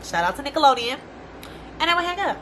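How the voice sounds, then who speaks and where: A young woman vlogging a casual storytime rant, animated and exasperated, swearing freely in slangy speech. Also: high voice, fast, slight background noise.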